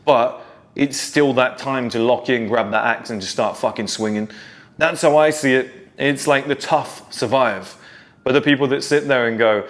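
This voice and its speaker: Brief: male creator, mid-pitched, blunt and sweary, hard-driving pep talk. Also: fairly even intonation, moderate pace. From United Kingdom. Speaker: self-improvement creator. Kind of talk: motivational monologue.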